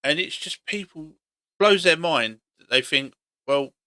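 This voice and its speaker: Male vlogger, blunt and argumentative, repeats himself. Bright tone with a tense edge, dry close recording. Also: fairly high pitch, animated, a little slow, no echo. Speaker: opinion vlogger. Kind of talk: opinionated monologue.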